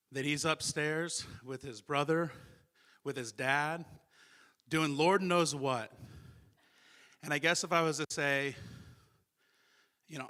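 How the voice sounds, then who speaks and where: Man at a memorial service, heartfelt eulogy, bright clear tone, mid pitch. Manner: heartfelt, acts out remembered dialogue. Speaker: eulogy speaker. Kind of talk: memorial speech.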